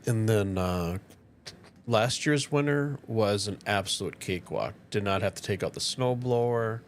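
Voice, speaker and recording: There's a little hiss or hum on the recording of this unhurried, fairly low-pitched man. Streaming a game from a tiny home, the northern Minnesotan talks easily with his viewers as he plays, his accent plain to hear.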